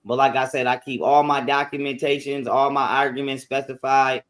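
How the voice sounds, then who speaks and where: A man's voice: mid-range voice, flat delivery, moderate pace, fairly bright tone. A man ranting on a livestream, profane and defensive, repeating himself.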